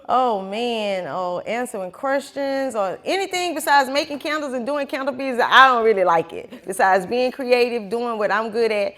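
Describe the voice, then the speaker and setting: Animated higher-voiced woman giving business advice. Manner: animated, acts out quoted voices, laughs often. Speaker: small business owner speaking to a class. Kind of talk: casual motivational talk.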